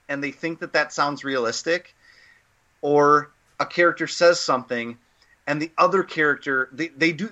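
A man's voice: a little high, normal speed, sharp tone, muffled recording. A man co-hosting a casual podcast discussion, giving an opinionated, rambling critique full of fillers and restarts. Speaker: podcast co-host.

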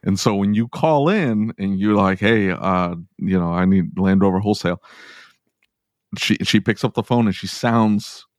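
A man hosting a podcast in a casual, chatty way, laughing between stories. His voice sits a little low and sounds close and dry, with no room around it. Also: no echo. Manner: chatty, laughs often, does quick voices. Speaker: podcast host.

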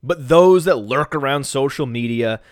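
A man hosts a solo sports podcast, sarcastic and pretending to stay calm before he erupts into shouting. His voice sits at an ordinary middle pitch. The recording is close and dry, with no room sound. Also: moderate pace, dry recording. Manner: mock-calm, bursting into shouts. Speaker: fantasy football podcast host. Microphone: studio microphone.

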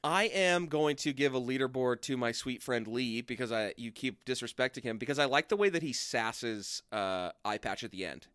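Male podcast co-host with a smooth, resonant tone and dry sound, goofy and quick to laugh. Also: medium pitch, fairly bright tone, no room sound. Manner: laughing, goofy, swearing freely. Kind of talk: casual comedic chat.

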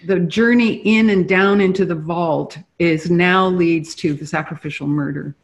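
A lecturer who gives a short introduction and then reads a book passage aloud in a slow, measured, solemn way. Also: mid-range voice. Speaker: reader and lecturer.

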